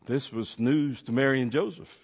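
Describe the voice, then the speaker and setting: A man telling a heartfelt true story, expressive, swinging between loud and hushed. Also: mid-range voice, normal speed. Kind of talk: emotional storytelling. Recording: long hall reverb.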